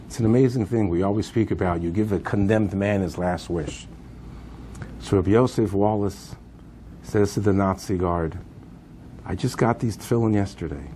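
Man telling a heavy story to a crowd, dark mellow voice, lots of emphasis. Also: sits low, fairly even intonation, moderate pace, a little hiss or hum. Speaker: speaker at a memorial program. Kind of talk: dramatic storytelling.

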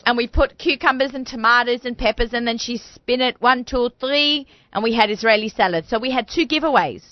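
A woman's voice: on the high side, fast talker, dry recording, dull audio. A woman hosting a radio talk show in a studio, chatty and bubbly, talking with lots of fillers.

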